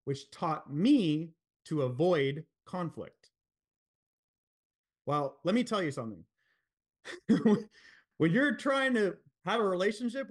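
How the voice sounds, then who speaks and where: A man in his forties, a podcast guest, telling his story in a frank, earnest way, swearing freely and using many fillers. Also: a little high. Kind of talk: candid storytelling in a podcast interview.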